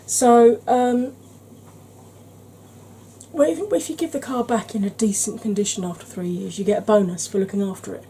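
Lady rambling on about her makeup, relaxed voice, goes quiet and whispery now and then. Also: mid-range voice, normal speed, long pauses, a little hiss or hum, poor audio. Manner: rambling, conversational, drops to soft whispers at times. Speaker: beauty channel host. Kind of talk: chatty makeup tutorial.

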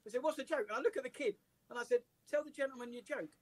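An English comedian telling animated anecdotes with voices and laughs in a casual interview over a video call. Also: male voice, extremely high pitch, rapid-fire, dry recording, low-quality recording. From England. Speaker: comedian guest.

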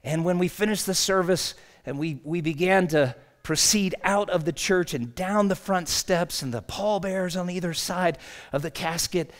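A Southern male funeral director, as a preacher relays his words, telling a wry story in a slow, drawn-out manner. The voice sits a touch higher than most men's. It stays close to the speaker's everyday tone. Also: natural voice. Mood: storytelling.

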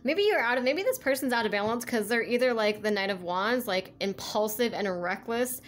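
A woman's voice: on the high side, expressive, moderate pace, slight background noise. Rambling woman reading tarot. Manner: rambling, heavy use of "like" and "you know"; laughs easily, talks to unseen spirits. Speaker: tarot reader. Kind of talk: casual spiritual tarot reading.

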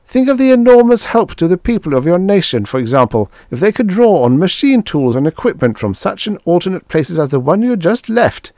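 A man's voice: high-pitched, very animated, a little fast, hardly any pauses, dark tone, no room sound, studio quality, voice pushed up. A man voicing a smug male army colonel who talks with boyish eagerness. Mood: eager.

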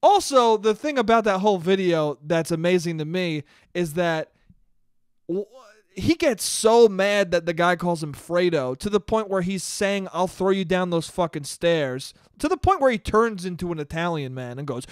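A young man with a high, light voice rants alone on his podcast, swearing freely and cracking himself up. The sound is dry and close, with no room around it. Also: moderate pace, clear, resonant tone, no echo. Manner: profane, animated, laughs at his own jokes. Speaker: podcast host. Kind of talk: solo comedic podcast rant.

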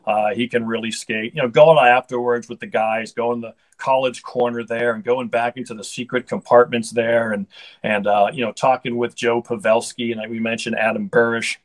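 A man's voice: medium pitch, flat delivery, normal speed, low-quality recording. A middle-aged man, a hockey broadcaster, chatting casually in an interview with an upbeat, rambling manner and frequent restarts.

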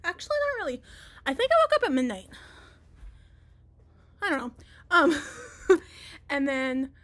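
Bubbly high-voiced young woman vlogging. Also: big pitch swings, normal speed, a bit bright. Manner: bubbly, giggly, rambling. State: out of breath from dancing. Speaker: vlogger and teacher. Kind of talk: casual chat.

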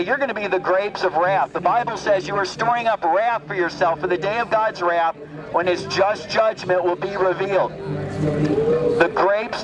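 A man's voice: high-pitched, rough recording. A man preaching on a city street outdoors, taunting passers-by by their costumes and repeating each jab. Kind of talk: open-air street preaching.

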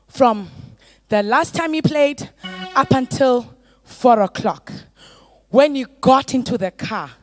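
A middle-aged woman pastor preaching a sermon, moving from soft storytelling to loud, drawn-out exhortation. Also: sits high, no echo.

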